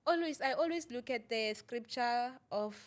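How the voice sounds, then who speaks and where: Young woman, interview guest, halting, repeats words, many fillers, asks "you understand?". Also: a little high. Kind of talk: emotional personal testimony.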